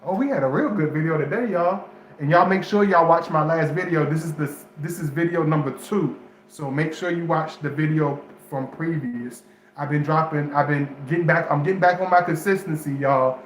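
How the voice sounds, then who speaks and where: A man's voice: fairly high pitch, normal speed. A man giving astrology dating advice in casual vernacular speech, rambling and restarting his sentences as he talks straight to his viewers. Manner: loose, rambling, repeats himself with restarts; African American Vernacular English grammar. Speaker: astrology vlogger. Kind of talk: casual direct-to-camera chat. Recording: echoey room with faint background ambience.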